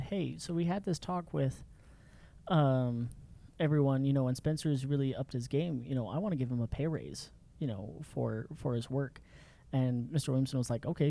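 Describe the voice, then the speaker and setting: A man telling lively stories in a casual podcast chat, laughing often. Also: mid-range voice, vocal fry. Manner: animated, laughing storyteller.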